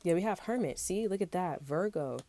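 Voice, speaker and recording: A woman's voice: lowish voice, animated, brisk, a little hiss or hum. A woman giving a casual tarot reading, talking in a loose, rambling way full of slang and swearing. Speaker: tarot reader.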